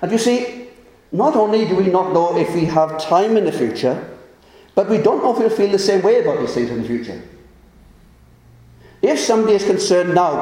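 A man delivers a sermon in a high but mellow voice, pressing his listeners with earnest urgency. He slows right down to quote scripture. The hall around him rings with heavy echo. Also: big pitch swings. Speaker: preacher.

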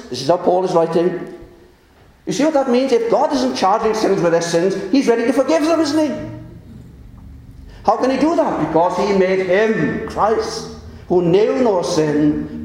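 A man delivers a sermon in a high but mellow voice, pressing his listeners with earnest urgency. He slows right down to quote scripture. The hall around him rings with heavy echo. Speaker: preacher.

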